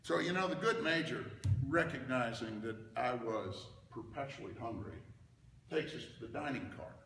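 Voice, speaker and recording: An older man speaks with a bright, gravelly voice, spinning an animated story for an audience. He is recorded from some distance in a large, echoing hall, with a long reverb tail and a faint hum of room noise underneath. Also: mid-range voice, moderate pace. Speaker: speaker giving a talk. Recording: roomy hall, mic at a distance.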